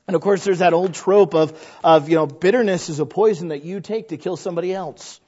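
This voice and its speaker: Preaching quickly in a high, husky voice, a man in his thirties tells stories in his sermon and animatedly voices each character he quotes. The recording sounds lo-fi and a little dull.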